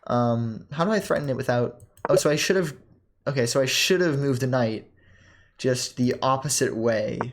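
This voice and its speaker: A young man talks through his own chess game at a middling pitch, thinking aloud in a loose, casual way. He stops often on "um", restarts half-finished phrases and lets out small laughs. Keyboard and mouse clicks come through clearly behind him. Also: a little hiss or hum. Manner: halting, self-correcting, many ums and laughs.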